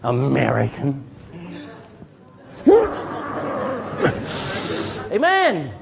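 A middle-aged man preaching a sermon as pastor, lively, calling for responses from the congregation. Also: fairly high pitch, extremely slow, creaky, background noise.

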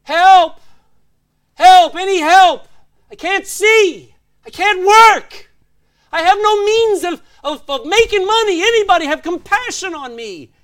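A man voicing a desperate blind male beggar who cries out loudly by the roadside, pleading for help. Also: lively intonation, slow, full character voice. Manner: loud, high and pleading, shouting for help. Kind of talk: acted scripture story within a sermon.

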